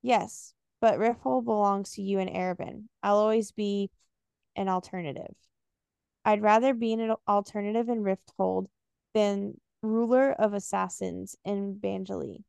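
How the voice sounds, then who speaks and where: A woman's voice: medium pitch, steady tone, a little slow, creaky, darkish tone, clear, resonant tone, no room sound, studio quality. A young woman co-hosting a podcast, recapping a novel and reading passages aloud with casual fillers. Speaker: podcast co-host.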